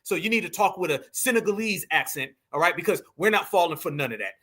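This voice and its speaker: A man's voice: high voice, expressive, fast talker, pushed and bright. A man with a Southern US accent hosting a commentary show, reacting to a clip in a scornful, preachy way and calling his viewers family. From Southern United States. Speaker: commentary channel host.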